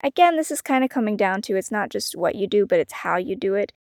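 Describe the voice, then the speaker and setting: A woman hosting a solo wellness podcast, talking in a gentle, encouraging way and laughing often. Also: mid-range voice, expressive, quick pace, no echo, clean studio sound. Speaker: podcast host.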